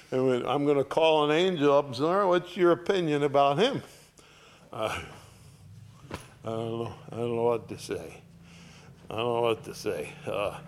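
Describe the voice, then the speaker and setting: A man teaching a Bible chapter verse by verse, reading lines and paraphrasing them in lively, pointed bursts, then dropping low for asides. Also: slight background noise. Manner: animated, rising sharply to voice Paul's rebukes, dropping low for asides.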